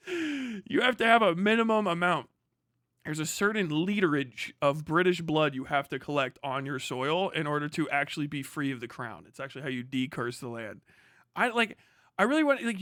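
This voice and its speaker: A man's voice: sits high, pushed and bright, no room sound, studio quality. An American man streaming a profane, sarcastic rant as he reacts to a clip, laughing often as he mocks. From United States.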